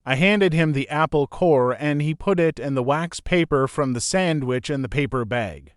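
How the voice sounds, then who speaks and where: A man reading a novel aloud as audiobook narrator, in a plain, steady first-person storytelling manner. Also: a little high, unhurried, few pauses, smooth, no room sound, clean studio sound.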